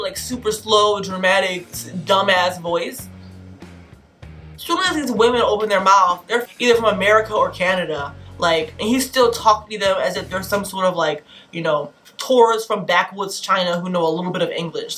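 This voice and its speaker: A young woman vlogger telling a bad-date story in an animated, exasperated way, acting out the quotes. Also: on the low side, fairly quick, soft background music. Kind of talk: storytime vlog.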